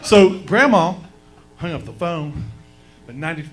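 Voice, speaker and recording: Brash male stand-up comic, high voice, crude punchlines, live club stage, faint music behind. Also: unhurried. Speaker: stand-up comedian. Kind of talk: stand-up set.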